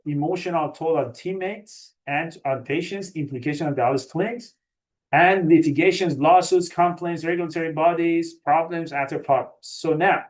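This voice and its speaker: A man, a physician, giving a webinar lecture in a lively, self-mocking way, often acting out the lines of difficult colleagues. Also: fairly high pitch.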